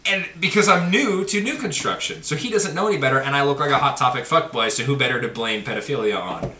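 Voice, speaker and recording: A man tells a story in loose chat, his voice bright and very sharp, swinging high and low as he laughs and acts out the people in it. He sits a little off the mic in an echoey room with faint ambience behind him. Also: fast talker, distant mic, slight background noise. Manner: animated, laughing, acts out quotes loudly. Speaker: podcast co-host telling a story.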